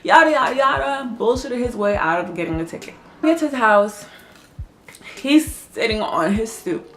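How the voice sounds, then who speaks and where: A woman telling a personal story in a casual vlog, animated, laughing often and swearing freely. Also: medium pitch, normal speed.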